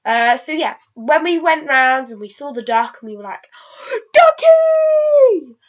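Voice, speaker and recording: A woman's fairly high voice comes through a dull, lo-fi recording. She rambles through a casual vlog and keeps stopping to restart her sentences, with plenty of ums and uhs in between. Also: normal speed, a bit bright. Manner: rambling, hesitant, many restarts and fillers. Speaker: vlogger.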